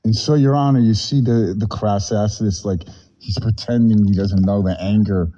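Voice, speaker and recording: A man making an angry, meandering complaint over the phone, masking his irritation with a put-on calm. His voice is low and mellow, and the recording sounds dull and lo-fi. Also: moderate pace. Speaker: customer on a phone call. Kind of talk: confrontational phone call.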